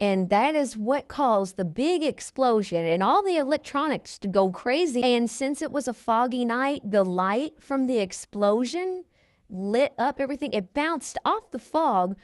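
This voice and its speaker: A woman in her thirties tells a personal story with dramatic flair and a lot of repetition. Her voice is mid-pitched and sounds dry and close, with little room sound. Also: no echo. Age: 30s. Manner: animated, dramatic retelling with repetition. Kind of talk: casual spoken storytelling.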